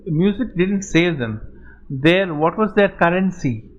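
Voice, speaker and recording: A man gives a lively talk to a room of students and acts out the lines of the people in his stories. His voice sits fairly high for a man. The recording is muffled and lo-fi. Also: measured pace, slight background noise. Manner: animated storytelling, acting out quotes. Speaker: guest speaker to medical students. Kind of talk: lecture-style talk answering a question. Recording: muffled lo-fi audio.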